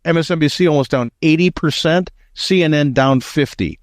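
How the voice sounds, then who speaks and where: A man's voice: fairly high pitch, normal speed, dry recording. Man, American, talk radio host, emphatic, indignant, dry close sound. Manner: emphatic, indignant, repeats words when heated. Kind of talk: political talk radio commentary.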